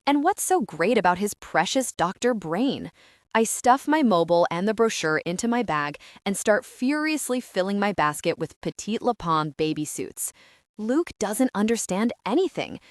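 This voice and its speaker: Excitable woman reading a comedy audiobook. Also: medium pitch, dry recording, clean studio sound. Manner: gushing, breathless and excitable. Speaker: audiobook narrator. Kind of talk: first-person comic audiobook narration.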